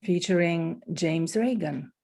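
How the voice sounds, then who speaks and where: A woman's voice: lowish voice, slow, mellow. A woman hosting an online salon from home over a video call, hesitant between remarks. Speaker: salon host.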